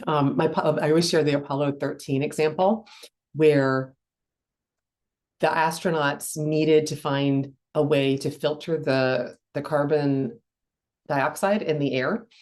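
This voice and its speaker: Low-pitched and slow, with a darkish tone and fairly even intonation, a middle-aged woman talks through ideas on her solo podcast. Chewing a cough drop, she often restarts and fills pauses with ums.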